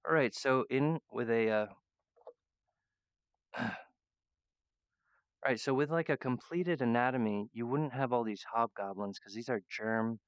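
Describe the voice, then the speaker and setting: A man's voice: mid-range voice, unhurried, pauses often, clear, resonant tone, no room sound, highs cut off. A man talking in a rambling monologue, hesitant and full of fillers and restarts. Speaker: channel host.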